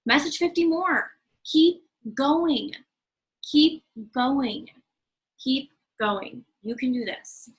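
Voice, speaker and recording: A woman's voice: sits high, animated, drawn-out words, rough recording. A woman leading her sales team in an emphatic motivational talk, repeating her key points. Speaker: team leader of a sales business.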